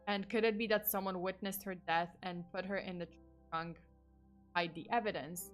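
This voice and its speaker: A woman's voice: on the low side, steady tone, moderate pace, faint music behind. A woman streamer telling a true crime story in a casual, rambling way, with lots of fillers and restarts and the odd swear word.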